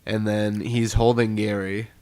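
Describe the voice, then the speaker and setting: Young guy cohosting a podcast, walks through scenes step by step, smooth clean voice. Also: lowish voice, little pitch movement, unhurried, mellow. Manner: retells scenes step by step, acting out the lines. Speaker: podcast co-host. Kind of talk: casual chat.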